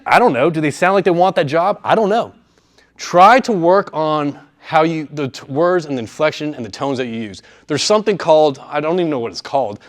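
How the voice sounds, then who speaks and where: A man giving a live presentation to students in a room, speaking conversationally and often checking in with his audience. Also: fairly high pitch. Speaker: workshop speaker.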